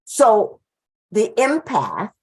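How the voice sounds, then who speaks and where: A woman's voice: mid-range voice, wildly swooping pitch, drawn-out words, a little mellow, breathy edge. A woman hosting an interview, asking her guest questions and speaking to her listeners directly. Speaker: podcast host.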